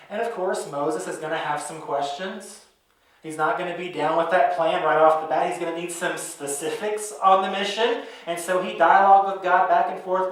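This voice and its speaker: A man's voice: high voice, normal speed. Man, pastor, conversational sermon, echoey room, heard from a distance. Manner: conversational, animated storytelling.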